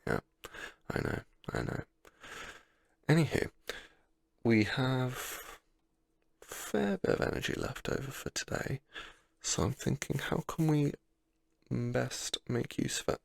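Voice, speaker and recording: A man rambling through a self-deprecating story in a soft, sleepy gameplay commentary, sometimes dropping to a near-whisper. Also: mid-range voice, sing-song, unhurried, gravelly, long pauses, dry recording. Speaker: gaming channel host.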